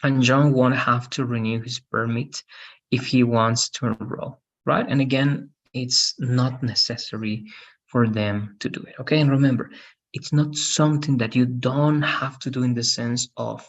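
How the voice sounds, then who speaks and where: A man's voice: medium pitch, fairly even intonation, moderate pace, gravelly, dull audio. Man teaching a recorded grammar lesson. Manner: explanatory, frequent tag questions and restarts. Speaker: English teacher.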